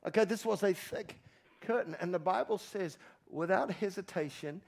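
High-voiced man preaching a lively sermon. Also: normal speed, vocal fry, breathy edge. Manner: animated preaching, repeats phrases for emphasis. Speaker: pastor. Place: church.

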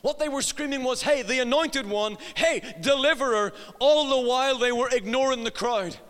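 A man's voice: very high-pitched, normal speed, a bit bright. A middle-aged man preaching a sermon, telling a funny family story and acting out the voices. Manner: humorous storyteller, acts out voices, laughs at own jokes. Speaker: pastor. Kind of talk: sermon with personal anecdote. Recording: long reverb of a hall.

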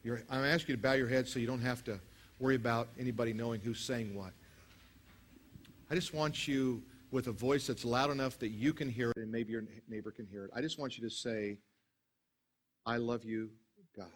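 Speaking fairly quickly, a pastor gives a sermon that moves between loud, emphatic passages and low, hushed prayer. He leads his congregation as they say prayers aloud.

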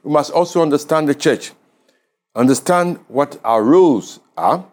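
A man with a Ghanaian English accent preaching a radio sermon as pastor, measured and emphatic, leaning on key words. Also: a little high, animated, a little mellow.

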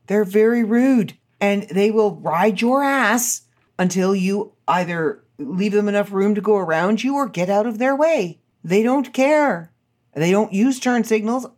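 A woman hosting her podcast, telling stories in an animated, sarcastic, ranting way. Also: mid-range voice. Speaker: podcast host. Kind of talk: casual chat.

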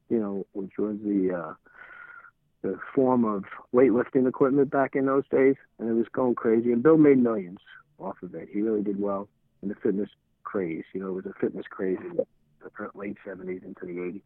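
A man's voice: lowish voice, normal speed, no room sound. A middle-aged man telling stories as an interview guest, rambling and stumbling over repeated words while acting out old conversations. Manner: rambling, repeats words, acts out quoted dialogue. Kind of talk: casual storytelling. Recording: tinny phone-like audio.

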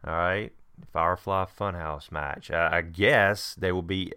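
A middle-aged podcast co-host makes wrestling predictions in casual chat, emphatic and enthusiastic, often restarting his sentences. His voice is deep and clean with a sharp tone, fairly even in intonation and at normal speed.

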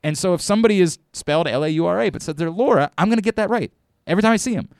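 A man's voice: sits high, lively intonation, racing, no echo, clean studio sound. A man hosting a sports radio show, talking emphatically and often stumbling over and repeating his words. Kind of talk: casual sports talk.

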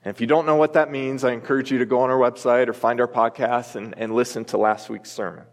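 A man's voice: mid-range voice, fairly even intonation, fast. A man in his thirties preaching a sermon as a pastor, earnest and emphatic, telling a family story to make his point. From United States. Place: church sanctuary. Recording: long reverb of a church hall.

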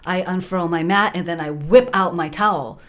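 A woman's voice: fairly low pitch, moderate pace. Laughing woman telling stories on radio. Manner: animated storyteller, laughs often. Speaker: radio co-host. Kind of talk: casual on-air chat.

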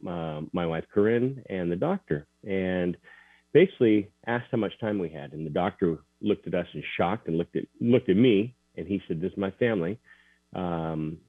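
A man recounting a personal story as an interview guest, earnest and halting, with many restarts. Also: deep voice, no echo. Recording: tinny dry phone line.

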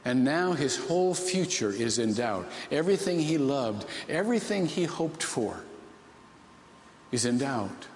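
A man's voice: medium pitch, sing-song, a little slow, reverberant, long reverb tail, slight background noise. A man from Ohio preaching a sermon, telling a story with many restarts and rising emotional swells. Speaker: pastor.

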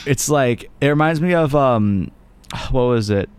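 A man's voice: medium pitch, animated, measured pace, darkish tone, clean tone, no room sound. Blunt, swearing young man hosting a podcast. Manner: blunt, swears, quotes lyrics with emphasis. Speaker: podcast host. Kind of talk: casual podcast discussion.

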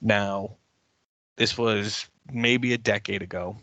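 Guy on a podcast ranting through a story, lowish voice, dry close mic, gets fired up. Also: slow, gravelly, dry recording. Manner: animated, ranting storyteller who grows heated. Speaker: podcast co-host and editor. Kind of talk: casual chat, storytelling.

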